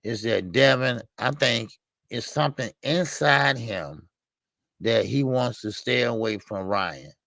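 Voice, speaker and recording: A man's voice: mid-range voice, takes it slowly, gravelly, fairly bright tone, dry recording. A man co-hosting a boxing talk show, rambling with many hesitations. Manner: rambling, hesitant, many uhs and you-knows. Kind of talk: casual boxing chat.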